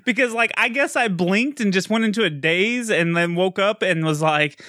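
A man co-hosting a casual movie-review podcast, animated and laughing, often restarting his sentences. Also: high-pitched, moderate pace, no echo, clean studio sound. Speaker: podcast co-host.

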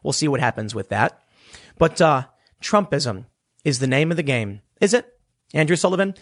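A man's voice: fairly high pitch, lively intonation, moderate pace, long pauses. A man giving opinionated political commentary, emphatic and sarcastic, often restarting his words.

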